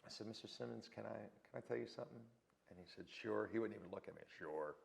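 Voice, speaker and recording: Speaking rapid-fire with a lowish pitch and vocal fry, an interview guest swaps casual stories. He animates each anecdote by performing the voices of the people he quotes.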